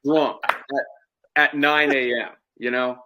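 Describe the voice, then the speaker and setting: A man's voice: mid-range voice, level tone, takes it slowly, pushed and bright. A middle-aged man co-hosting a podcast, telling a long anecdote in casual chat and laughing at his own story. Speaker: podcast co-host.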